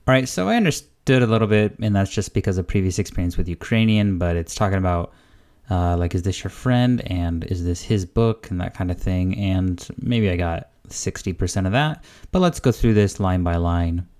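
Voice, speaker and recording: Young male host, deep and mellow, easygoing screen-share tutorial delivery. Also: normal speed. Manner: relaxed and chatty, thinking aloud with frequent "uh". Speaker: language-learning channel host. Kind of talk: casual screen-recorded tutorial.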